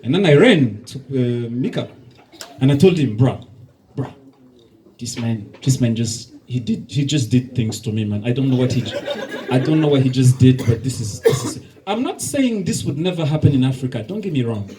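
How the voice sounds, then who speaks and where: A man's voice: medium pitch, normal speed, poor audio. A man doing a stand-up comedy set and hosting the night, telling stories with acted-out dialogue. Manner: animated storytelling with acted-out dialogue. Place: bar comedy night with laughing audience. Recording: faint noise from a live bar.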